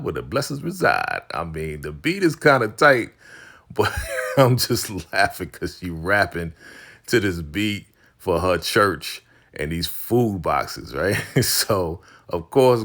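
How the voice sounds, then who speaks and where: Low-voiced man retelling a TV episode. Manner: animated retelling, acts out characters' lines loosely, laughs often. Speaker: recap vlogger. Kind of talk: casual episode recap.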